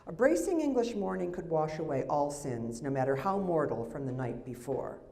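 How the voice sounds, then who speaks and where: A woman's voice: low-pitched, big pitch swings, moderate pace, mellow. An older woman, an author, reading her memoir at a live library event, with wry, chatty asides into a microphone. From United States. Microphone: handheld or stand mic.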